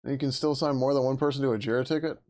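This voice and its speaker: A man hosting a casual livestream as a software developer, talking in a laid-back, rambling way, swearing freely and laughing often. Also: medium pitch, fairly even intonation, racing.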